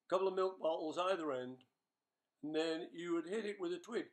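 A man's voice: on the high side, a little fast. An older man answering fan questions in a casual live webchat, playful and chatty as he reads each question aloud.

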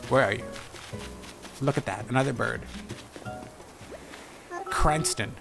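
A man's voice: medium pitch, slow, gravelly. A man giving playful, chatty commentary while streaming a game, talking back to the characters on screen. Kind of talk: casual gameplay commentary. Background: game music.

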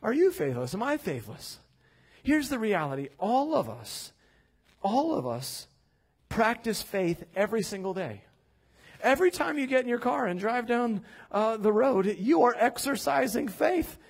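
A man preaching a sermon as pastor in a church, animated, acting out quoted voices and rising to loud declarations. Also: very high voice, a little slow, gravelly, slightly rough. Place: church sanctuary.

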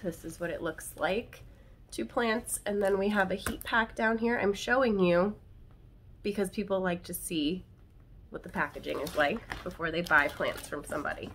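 A woman vlogging in her bedroom, talking chattily to viewers while her throat is scratchy and tickly from a cold. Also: fairly low pitch. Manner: chatty and excitable, addressing viewers directly. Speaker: plant channel host. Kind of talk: casual unboxing vlog.

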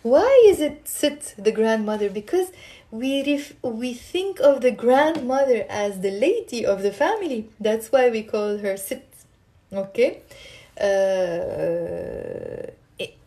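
A woman leads a live online language lesson in a fairly high voice. She is animated and says each phrase slowly again so learners can repeat it. It sounds like she is talking into a computer mic. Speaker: Arabic teacher.

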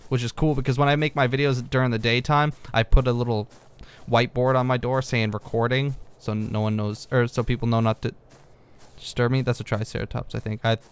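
This young gaming creator speaks at medium pitch, brisk and clear with a resonant tone, rambling through a relaxed let's-play. He's easily sidetracked and erupts in excitement at discoveries on screen.

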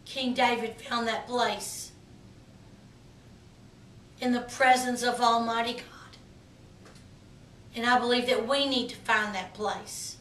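A woman minister delivering a sermon in a slow, emphatic preaching cadence. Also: fairly high pitch, fairly even intonation, fairly bright tone, roomy sound, distant mic, slight background noise.

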